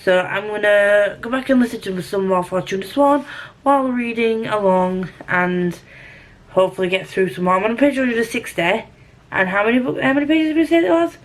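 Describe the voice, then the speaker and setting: A young woman vlogging in a casual, rambling, animated way, poking fun at herself. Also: mid-range voice, brisk. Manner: chatty, rambling, animated, self-mocking. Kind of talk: casual rambling vlog chat.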